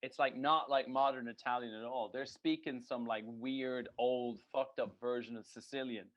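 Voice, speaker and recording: A man's voice: mid-range voice, steady tone, normal speed, highs cut off. A man co-hosting a podcast in casual chat, rambling and joking with plenty of swearing. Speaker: podcast co-host.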